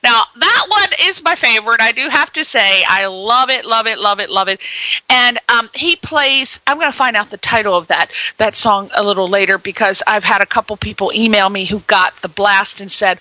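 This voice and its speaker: A woman's voice: medium pitch, normal speed, bright, forceful tone, dry recording, low-quality recording. A woman hosting a radio interview, chatty and gushing, full of exclamations. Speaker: radio show host.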